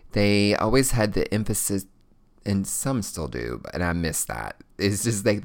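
Middle-aged guy hosting a jokey podcast, bouncy voice, music playing under him. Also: low voice. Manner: playful, jokey, animated. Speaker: podcast host. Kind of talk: comedic podcast monologue.

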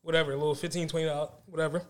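Fast-talking man telling stories. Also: on the high side. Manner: rapid, animated storytelling with slang and swearing. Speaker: podcast co-host. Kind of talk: casual chat.

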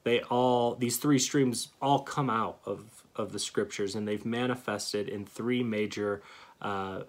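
A man giving an earnest theology lecture, stressing key words and pausing to restart phrases. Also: on the low side, fairly even intonation. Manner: earnest, emphatic, reads scripture aloud with pauses and restarts. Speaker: Christian teacher.

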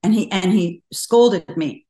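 An older woman speaking as a guest in an interview, telling stories earnestly and getting animated when she quotes people. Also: on the low side, slow pace. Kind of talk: conversational interview. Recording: roomy echo.

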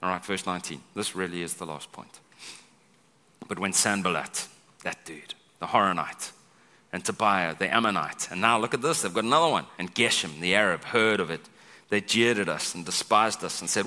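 A man preaching a sermon as pastor, chatty and animated, often checking in with "right?" and acting out quoted lines. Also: low-pitched, moderate pace. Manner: conversational, keeps asking "right?"; acts out quoted speech with big vocal swings. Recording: long hall reverb.

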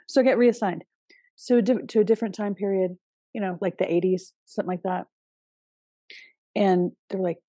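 A woman hosting her own podcast in a loose, chatty monologue. Her voice is husky and warm, and she drops in casual fillers and the occasional curse. The sound is dry and close, with no room echo. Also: on the low side, a little fast, long pauses. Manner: relaxed and conversational, with frequent fillers and casual swearing. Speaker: podcast host.

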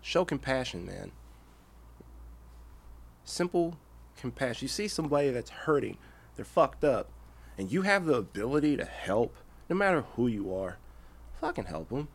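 A man's voice: medium pitch, very animated, a little slow, pauses often. A man in his thirties, a veteran guest on a podcast, talking bluntly and emphatically with heavy swearing and restarts. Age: 30s. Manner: blunt, heavily profane, emphatic, repeats himself. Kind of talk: casual interview talk.

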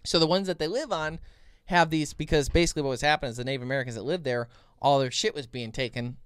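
A man co-hosting a podcast, telling a long story in casual chat, rambling and animated with many restarts. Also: on the high side, fast, smooth, dry recording, studio quality. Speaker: podcast co-host.

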